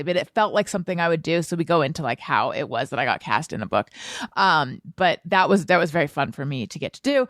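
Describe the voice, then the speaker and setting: A woman's voice: fairly low pitch, no echo, clean studio sound. A woman hosting a podcast in a casual, rambling, self-amused chat. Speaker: podcast host.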